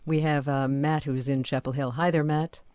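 A man hosting a radio call-in program, asking a guest questions in a relaxed, probing way with plenty of fillers. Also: on the high side, moderate pace, smooth, dry recording. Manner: conversational, probing, hesitant fillers. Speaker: radio show host.

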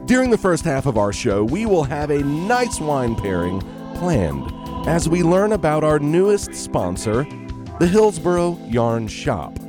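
A man's voice: a little high, measured pace, over music. Jokey wine radio co-host man. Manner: jokey, teasing, deadpan asides. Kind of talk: comedic radio chat.

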